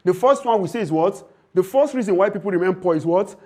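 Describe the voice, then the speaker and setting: High-voiced trainer lecturing. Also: male voice, animated, quick pace, mellow. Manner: repetitive, rhetorical questions, acts out dialogues. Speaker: leadership and finance trainer.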